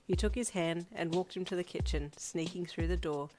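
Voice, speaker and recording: A woman narrating a fan fiction audiobook in an even, steady storytelling voice. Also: fairly low pitch, normal speed. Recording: music playing underneath. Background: background music.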